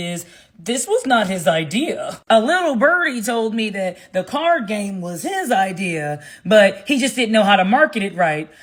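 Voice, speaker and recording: A woman hosting a gossip story-time vlog who talks in an animated, blunt way and laughs often. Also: a little high.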